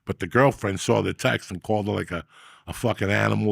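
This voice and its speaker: Gravelly profane male storyteller. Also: on the low side, fast, no echo, studio quality. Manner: profane, animated street storyteller. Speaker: podcast host. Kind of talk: casual storytelling.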